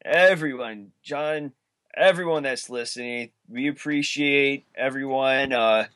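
A man's voice: mid-range voice, measured pace, fairly bright tone. A man co-hosting a wrestling podcast, speaking in a laid-back, easygoing way and often giving short agreeing replies. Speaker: podcast co-host. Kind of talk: casual wrestling podcast chat.

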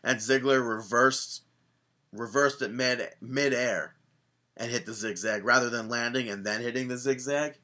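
A man's voice: mid-range voice, fairly even intonation, moderate pace, pushed and bright. A man co-hosting a podcast, recapping wrestling in casual chat and acting out quotes in goofy voices. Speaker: podcast co-host.

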